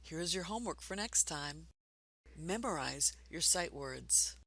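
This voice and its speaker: A woman leads a beginners' reading lesson at a very slow, deliberate pace. Her voice is bright but gravelly and slightly husky, and she keeps an encouraging, patient tone. The sound is dry and close. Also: low voice, expressive, no echo. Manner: encouraging, speaks slowly and clearly to beginners. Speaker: adult literacy teacher.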